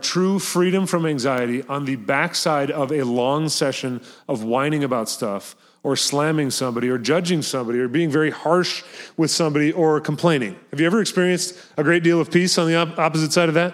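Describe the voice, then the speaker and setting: A man preaching a sermon as pastor, talking earnestly and emphatically, often repeating words and phrases for effect. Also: a little high.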